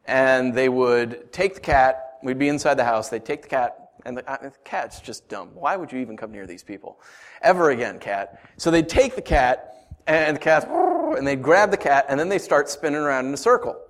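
A man preaching a sermon, swinging from hushed lines to emphatic ones and asking rhetorical questions. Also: medium pitch, expressive, normal speed. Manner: rhetorical questions, storytelling asides. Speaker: pastor.

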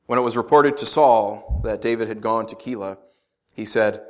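A middle-aged pastor with a fairly low voice preaches at a normal pace, reading scripture and then unpacking it in a loose, conversational style full of asides and jokes.

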